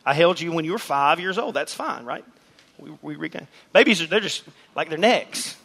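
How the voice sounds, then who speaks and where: Man preaching, lively and joking. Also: fairly high pitch, normal speed, gravelly, husky. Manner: conversational preaching with jokes and emphatic repetition. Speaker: pastor. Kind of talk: sermon. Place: church sanctuary with a congregation.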